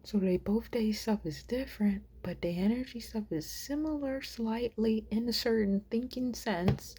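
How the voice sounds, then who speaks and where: A woman vlogger musing aloud to camera, soft and rambling, often half-whispered. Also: a little high, normal speed, breathy edge.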